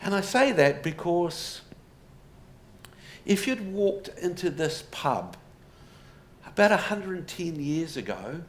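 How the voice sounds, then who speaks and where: A man, his voice sitting a little high for a man, delivers a public lecture as a storyteller. He poses rhetorical questions and slips in dry humour. Faint room noise sits under his voice. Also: big pitch swings, slow pace. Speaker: associate professor giving a public talk. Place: pub before a live audience. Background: audience laughter, faint room noise.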